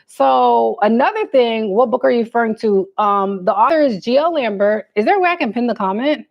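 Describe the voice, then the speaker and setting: A young woman with a slightly high voice talks to her viewers on a livestream, animated and loose, full of slang and asides. The sound is dull and lo-fi, like a phone stream. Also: fairly quick, gravelly. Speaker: livestream host. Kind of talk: casual livestream chat.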